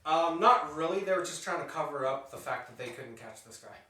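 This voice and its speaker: A man's voice: fairly high pitch, animated, a little fast, bright, forceful tone, slight background noise. A young man co-hosting a podcast, chatting casually in a hesitant, profane way. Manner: hesitant, full of ums, profane. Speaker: podcast co-host. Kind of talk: casual chat. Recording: echoey room, distant mic.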